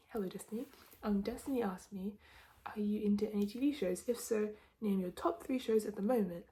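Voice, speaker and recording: Soft-spoken young Australian woman, whispered ASMR. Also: medium pitch, moderate pace. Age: 20s. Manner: rambling, chatty, many "like" fillers. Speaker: ASMR creator. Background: tapping clicks.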